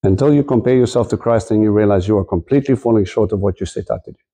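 A man's voice: on the low side, very fast, warm tone. A man preaching a sermon in a conversational, storytelling way, acting out the quotes in his stories.

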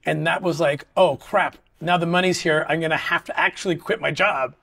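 Earnest halting man, slightly high voice. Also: fairly even intonation, vocal fry, a bit bright. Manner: earnest, halting, with many restarts. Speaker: interview guest. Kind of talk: casual conversation.

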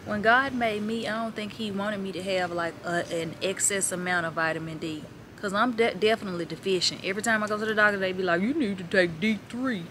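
A woman's voice: mid-range voice, steady tone, fast, hardly any pauses. A woman vlogging at home, chatty and joking as she talks straight to her viewers while getting ready. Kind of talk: casual vlog talk to camera. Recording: echoey room with noise.

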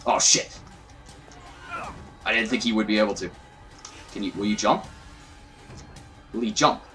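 A man's voice: lowish voice, fairly even intonation, moderate pace, a bit bright, soft background music. A young man giving casual, profane, self-mocking commentary while playing a video game. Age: young adult. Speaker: gaming YouTuber. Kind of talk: let's play commentary.

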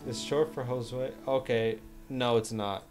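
A young man chats loosely on a livestream and reads viewer messages aloud. He jokes and talks in slang, at a medium pitch. Soft music plays faintly behind him. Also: steady tone, measured pace. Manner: laid-back, joking, slangy, reads chat aloud. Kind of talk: casual livestream chat.

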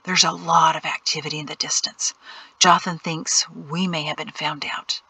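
A woman playing a watchful father who keeps to a breathy whisper in an audiobook. The voice sits lower than her narration and stays soft and close. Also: flat delivery, normal speed, far from the mic, heavily acted, low-quality recording. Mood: urgent, hushed. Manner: hushed whisper. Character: cautious man, a father, tense and watchful. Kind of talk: audiobook character voice.

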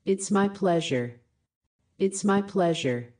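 Woman, careful language-course reader, repeats each phrase, mellow voice. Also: mid-range voice, lively intonation, slow pace. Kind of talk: slow repeated phrase reading for learners.

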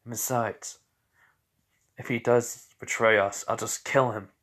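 A man's voice: mid-range voice, steady tone, unhurried, a bit bright, lightly acted. A man voicing an earnest young female fighter in a casual, plain way.

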